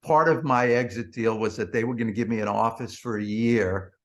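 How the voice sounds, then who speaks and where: With a lowish voice and brisk delivery, this ex-TV producer appears as a podcast guest, telling meandering, foul-mouthed stories from behind the scenes. His anecdotes are peppered with "he goes" and "blah, blah."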